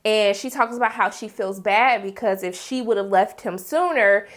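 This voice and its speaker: A woman giving a casual, animated TV episode recap in slangy speech, often acting out the characters' lines. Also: medium pitch, normal speed. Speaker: TV series reviewer.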